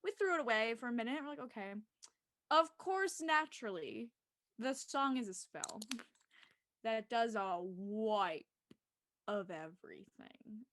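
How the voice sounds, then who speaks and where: Bubbly high-voiced woman gushing about TV. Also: expressive, measured pace, a bit bright, no echo. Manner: bubbly, gushing, lots of fillers. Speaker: podcast co-host. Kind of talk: casual fan discussion.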